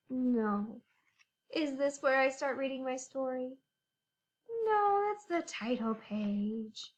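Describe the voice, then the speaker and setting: A woman teacher leading a phonics lesson for young children, animated and sing-song, reading a storybook aloud. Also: sits high, slow.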